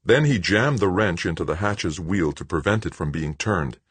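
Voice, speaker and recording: A man with a very deep, husky voice reads an audiobook in a steady, measured way. The recording is close and completely dry, with no room sound. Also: no echo. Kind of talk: audiobook narration.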